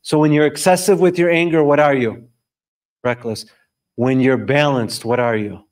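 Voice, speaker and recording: A man leading a lively sermon for a live audience, asking questions and answering them himself, swinging between loud bursts and quiet, slowed emphasis. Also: medium pitch. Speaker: religious discussion leader.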